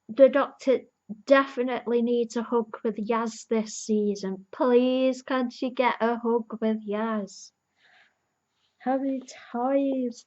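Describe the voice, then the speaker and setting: Brief: female TV reviewer, earnest invested fan, slow unhurried delivery, slightly dull lo-fi audio. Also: a little high. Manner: earnest, emotionally invested fan recapping the plot. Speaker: TV episode reviewer. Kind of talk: casual review vlog.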